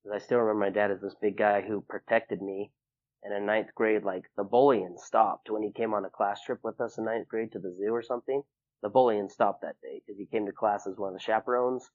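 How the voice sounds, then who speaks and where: A man's voice: lowish voice, steady tone, a little fast, narrow, tinny audio. A young man, a guest in an interview, telling a personal story casually, full of fillers and acting out what others said. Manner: rambling, filler-heavy, acts out quoted people in a raised voice.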